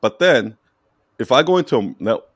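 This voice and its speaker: A man's voice: mid-range voice, expressive, normal speed, slightly rough, no echo, clean studio sound. A man coaching a client in casual talk, emphatic and repetitive, checking in with "right?" and laughing lightly. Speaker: brand strategy coach.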